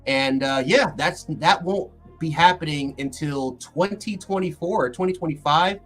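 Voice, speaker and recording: A man hosting a casual livestream, talking in an excitable, rambling way with lots of fillers and restarts. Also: a little high, normal speed, faint music behind. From Buffalo, New York. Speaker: sports channel host.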